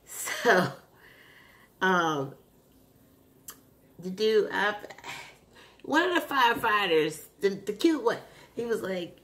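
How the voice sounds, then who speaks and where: A woman vlogger casually recapping a TV episode, retelling scenes in an animated way with lots of fillers. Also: mid-range voice, slow pace, pauses often. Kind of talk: casual chat.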